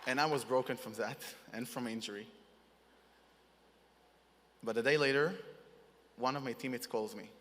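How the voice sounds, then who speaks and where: A young man giving a halting, earnest personal testimony in as a wounded soldier receiving an award. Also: medium pitch, steady tone, fairly bright tone, some chatter behind, a little hiss or hum. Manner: halting, earnest, in non-native English. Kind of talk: emotional personal testimony speech. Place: large conference hall. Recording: reverberant conference hall.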